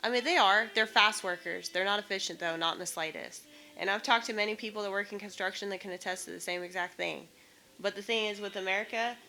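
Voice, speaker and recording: Woman, bright voice, blunt casual rant, swears freely, mid-pitched. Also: a little hiss or hum. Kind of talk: casual ranting monologue.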